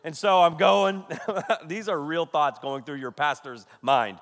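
Pastor in his thirties, high bright voice, animated storyteller, long hall reverb. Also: a little slow. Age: 30s. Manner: animated, storytelling, frequent "okay?" asides, laughing. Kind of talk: humorous sermon story.

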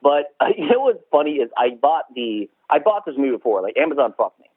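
A man chatting casually about a movie, animated and swearing, acting out scenes in silly voices. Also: a little high, quick pace, breathy edge, dry recording. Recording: tinny phone-like sound.

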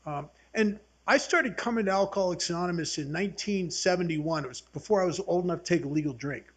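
In his seventies, this AA workshop speaker leads a recovery session, speaking earnestly and sharing folksy stories with the group. His voice sits high, with a breathy edge, and he talks fast.

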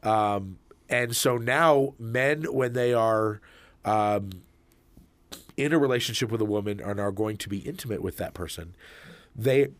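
A man's voice: lowish voice, measured pace, no echo. A middle-aged man telling stories in casual conversation, full of ums and you-knows, speaking as an experienced manager. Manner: rambling, hesitant with frequent ums and you-knows. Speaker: manager and podcast co-host.

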